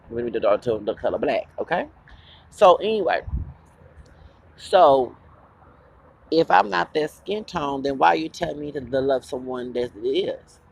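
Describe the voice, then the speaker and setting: A man's voice: on the high side, vocal fry, slightly rough. A man hosting his own channel, delivering an angry, profane and rambling confrontational vlog rant. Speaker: channel host.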